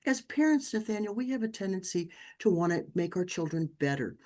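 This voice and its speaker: A woman, a parenting author, telling stories in a podcast interview and acting out the people she quotes. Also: fairly quick. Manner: animated, acts out quotes with big pitch jumps.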